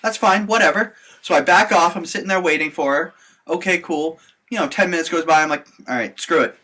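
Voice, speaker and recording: A young man co-hosting a podcast, telling work stories in an animated, casual way. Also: a little high, a little fast. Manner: animated storyteller. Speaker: podcast co-host. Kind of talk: casual chat.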